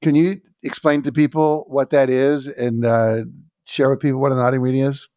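A man's voice: mid-range voice, flat delivery, moderate pace, warm tone, no room sound. Enthusiastic man hosting, dry close sound. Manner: enthusiastic, retells stories. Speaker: podcast host. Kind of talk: conversational interview.

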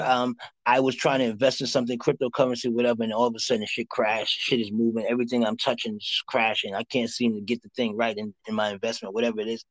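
A man's voice: medium pitch, no echo, poor audio. A man from Harlem with a New York accent, giving loose, slangy tarot readings to callers on a live show. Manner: loose street talk, playful vocal riffs. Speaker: tarot card reader.

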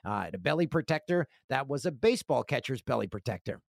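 Male podcast host, rambling and jokey, animated pitch, dry close sound. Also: quick pace, creaky, no echo. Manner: joking, rambling storyteller. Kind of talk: casual chat.

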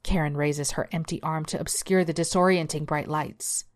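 A woman narrating a dark story with a measured, suspenseful delivery. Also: low-pitched, fairly even intonation.

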